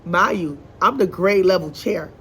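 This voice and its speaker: A woman's voice: fairly low pitch, a little slow, a bit bright, slight background noise. A woman, a first grade teacher, venting in a casual vlog in her classroom. She talks in an exasperated, chatty way with many asides and sounds congested and short of breath.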